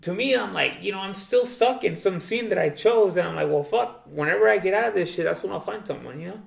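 Gravelly young man rambling casually. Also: sits high, fast talker. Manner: rambling, heavy swearing and filler "dude". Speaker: guest. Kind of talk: casual chat. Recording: echoey room.

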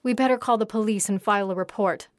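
Woman doing a calm patient lady, soft and quiet, mid-range voice. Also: medium pitch, fast, no room sound, studio quality, close to an everyday voice.

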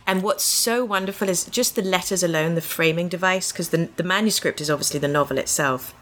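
A woman's voice: lowish voice, a little fast, hardly any pauses, fairly bright tone. A woman hosting a casual interview about books, talking with gushing enthusiasm. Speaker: podcast host.

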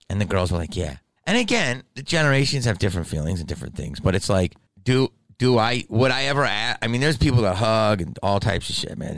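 A man's voice: low voice, creaky, no echo. A man rambling through a profane, casual monologue to camera about his convention weekend, telling stories as a stand-up comedian.

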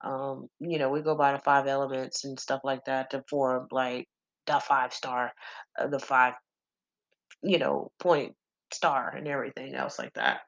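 A woman's voice: very deep voice, expressive, a little slow. A young woman hosting a podcast, rambling through casual astrology talk with lots of fillers and swearing. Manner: rambling, profane, many fillers. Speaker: podcast host.

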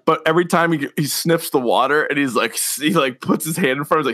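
A man's voice: a little high, fast talker, a bit bright. A man co-hosting a podcast in a studio, casually retelling comedy sketches and acting out the quotes. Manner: laughs hard while retelling, acts out quotes. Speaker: podcast co-host. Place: radio studio.

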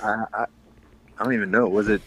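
A man's voice: fairly low pitch, fairly even intonation, brisk, a bit bright, husky. A man co-hosting a casual podcast chat, talking frankly and rambling with frequent laughs. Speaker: podcast co-host.

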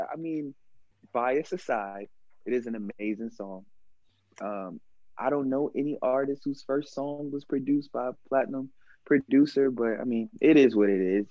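A man's voice: mid-range voice, a little mellow, no echo, highs cut off. A man talking as a podcast guest, laid-back and rambling, with lots of filler words. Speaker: guest, music artist. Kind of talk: casual chat.

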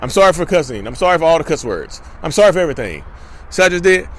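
A man with a fairly high voice giving emphatic commentary to his viewers outdoors. He repeats his points and keeps calling out to them as y'all. Faint traffic hums behind him. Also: sing-song, rapid-fire. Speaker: vlogger. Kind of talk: casual commentary to camera.

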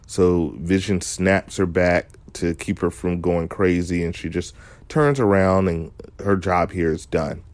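A man's voice: low voice, unhurried, no echo. A man giving a casual recap of a show episode, analytical and emphatic, often restarting his sentences.

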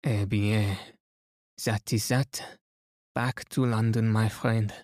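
Man voicing a fussy Belgian detective, precise, French phrases, low voice, unhurried, bedtime story. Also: fairly even intonation, a little mellow, no room sound, studio quality. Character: fussy middle-aged Belgian male detective.

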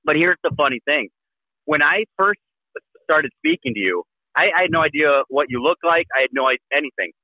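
A man joking and telling a story in a fast, animated way as a guest on a political talk show. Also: a little high, no room sound. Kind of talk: casual political chat. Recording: tinny phone-like call line.

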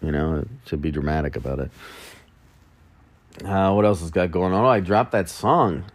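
A man's voice: sits low, normal speed, no echo. A man hosting a solo podcast, rambling casually and mocking himself with jokey asides in the early morning. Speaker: podcast host.

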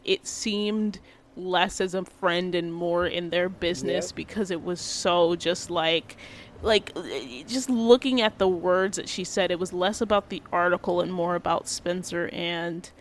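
A woman's voice: lowish voice, normal speed. A woman chatting casually about a TV show, rambling and hesitant with many fillers.

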